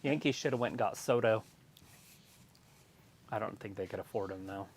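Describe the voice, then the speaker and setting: A man co-hosting a live wrestling watch-along stream, chatting casually and telling animated stories with plenty of swearing. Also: on the low side, normal speed, slight background noise. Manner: animated storyteller, swears freely, sings off-key snippets.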